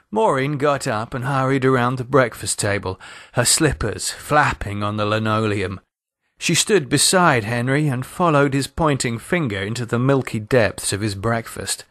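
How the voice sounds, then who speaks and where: A man narrating an audio horror story in a lively, expressive storytelling manner. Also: medium pitch, normal speed, dry recording, clean studio sound.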